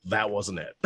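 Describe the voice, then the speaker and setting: A man's voice: lowish voice, bright, forceful tone, slightly rough, no echo. A man running a tabletop game as game master, casual and swearing freely.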